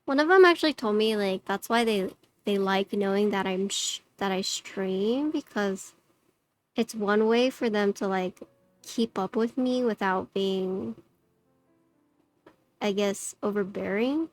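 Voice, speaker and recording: A woman's voice: mid-range voice, steady tone, slow pace, faint music behind. A woman livestreaming, chatting casually with her viewers and using lots of "like" fillers. Her voice has a slightly robotic noise-suppression filter. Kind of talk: casual chat with stream viewers.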